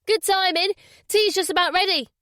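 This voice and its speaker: A woman voicing a warm, lively aunt in an audiobook. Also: very high-pitched, moderate pace, no room sound, studio quality, voice pushed up. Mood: cheerful.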